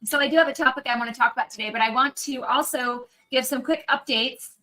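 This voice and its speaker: A woman's voice: high voice, quick pace, sharp tone, poor audio. A woman doctor hosting a casual livestream Q&A, chatty and upbeat with viewers, with a frog in her throat. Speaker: naturopathic doctor hosting a live Q&A. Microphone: external microphone on a livestream.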